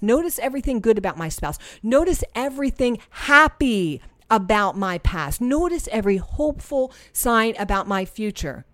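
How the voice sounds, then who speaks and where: A middle-aged woman teaching a faith-based group, animated and repeating herself as she acts out inner voices. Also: fairly high pitch, dry recording, clean studio sound. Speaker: Christian life coach. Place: room with a live audience.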